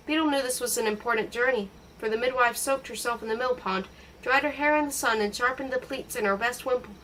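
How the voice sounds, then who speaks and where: A woman reading a novel aloud in a steady, expressive storytelling voice. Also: fairly high pitch, a little fast, recorded from a distance, a little hiss or hum, low-quality recording. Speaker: audiobook reader.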